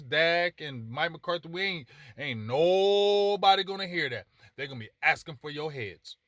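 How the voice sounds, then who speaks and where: A man hosts a sports talk show, pleading and repeating himself with emphatic passion. His voice is bright and tense, recorded dry with no room echo. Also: fairly high pitch. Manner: passionate, emphatic, repetitive, addresses people directly. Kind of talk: casual sports commentary monologue.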